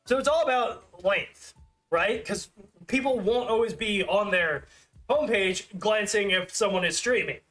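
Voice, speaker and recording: High, bright-voiced male streamer. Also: a little slow, faint music behind. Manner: rambling, self-deprecating, many fillers. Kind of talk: casual livestream chat.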